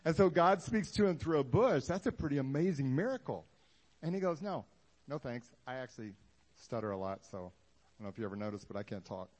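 A man preaching to a congregation in a loose, conversational way. His pitch sits in a middle range. He jokes as he goes and acts out the Bible scenes in little put-on voices. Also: expressive, fast talker, darkish tone. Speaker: pastor. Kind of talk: sermon.

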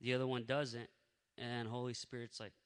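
A man telling a faith testimony in a lively, casual way, acting out what people said. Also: mid-range voice, normal speed, smooth, in a large hall. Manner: energetic, animated storyteller who acts out what people said. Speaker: speaker sharing a faith testimony.

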